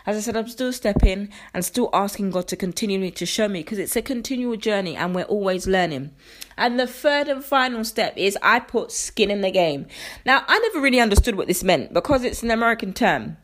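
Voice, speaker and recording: A woman's voice: mid-range voice, animated, brisk. A woman hosting a solo faith podcast, talking in an earnest, conversational way that turns preacherly. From England. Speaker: podcast host. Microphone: podcast microphone.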